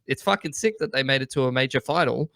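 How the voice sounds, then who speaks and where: A man's voice: medium pitch, quick pace, vocal fry, a bit bright, no echo, studio quality. A young man co-hosting a casual podcast, laid-back and thinking aloud. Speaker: podcast co-host.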